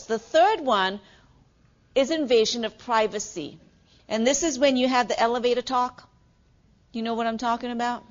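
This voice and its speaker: Woman lecturing a class, lo-fi. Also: a little high. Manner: conversational, asks the class questions, many "okay"s. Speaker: nursing instructor.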